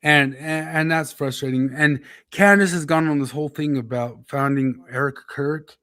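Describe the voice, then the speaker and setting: A man's voice: a little high, moderate pace, pushed and bright, dry recording. A man co-hosting a casual podcast, telling political stories with laughs and mimicking quotes. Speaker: podcast host.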